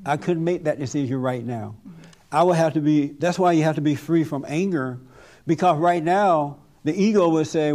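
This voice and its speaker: A man's voice: a little high, normal speed, a little mellow. A man leading a group talk as pastor, preaching emphatically and laughing often.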